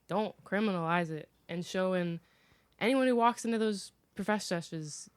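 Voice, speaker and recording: A woman's voice: medium pitch, moderate pace, clean tone, dry recording. A woman from Chicago speaking as a podcast guest in a basement. She talks it through thoughtfully, filling her sentences with "like". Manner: thoughtful, hedging with "like". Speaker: podcast guest, cannabis media founder. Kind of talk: casual podcast discussion.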